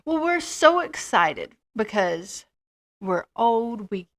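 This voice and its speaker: A woman's voice: medium pitch, big pitch swings, takes it slowly. A middle-aged woman co-hosting a casual chat, telling rambling, self-deprecating stories. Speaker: co-host.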